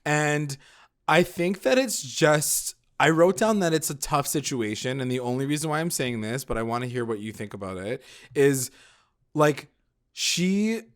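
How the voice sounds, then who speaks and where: Man for a casual recap podcast, higher-pitched voice, leans on "like" a lot. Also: expressive, measured pace, fairly bright tone. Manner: filler-heavy, says "like" constantly. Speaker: podcast co-host.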